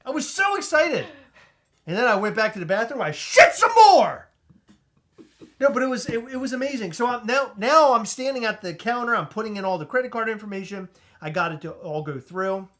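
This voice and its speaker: A man co-hosting a podcast, telling a comedic story in an animated, excitable way, stumbling over restarts and shouting out retold lines. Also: sits high, fast talker. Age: adult with a child. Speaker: podcast co-host.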